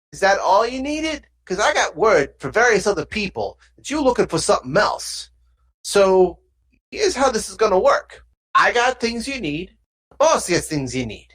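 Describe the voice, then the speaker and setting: A pushy alien mobster heavy, as a game master puts him on leans on every deal in loose street slang. His voice climbs higher than the narrator's and jumps all over the place as he bargains and threatens. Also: sing-song, measured pace, a bit bright.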